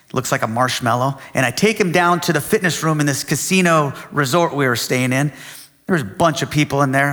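A middle-aged man preaching a sermon, telling a personal story with animated delivery and acting out heated quotes. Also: medium pitch. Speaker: pastor. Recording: long reverb of a large hall.

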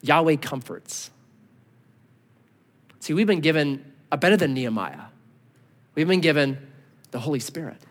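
A man in his thirties preaching a sermon, telling a story with lively voices, then dropping to quiet, earnest tones. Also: a little high, measured pace, pauses often. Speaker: pastor. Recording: long hall reverb.

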